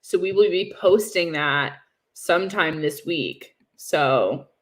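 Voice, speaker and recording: A woman's voice: fairly low pitch, slow pace. A young woman co-hosting a livestream, chatting casually and sarcastically about hockey with frequent laughs. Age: young adult. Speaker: podcast co-host.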